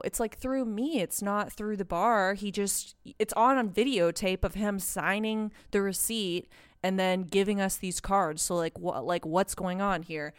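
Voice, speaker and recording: Young woman, casual storytelling, animated, swears a lot, smooth clear voice. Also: medium pitch. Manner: animated, swearing, heavy use of "like". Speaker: podcast co-host.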